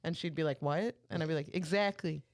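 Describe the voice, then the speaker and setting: A woman with a slightly low voice chats casually on a podcast. She tells stories with energy and slips into the voices of the people in them. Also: very fast. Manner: animated storyteller acting out family dialogue. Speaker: podcast co-host. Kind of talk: casual chat.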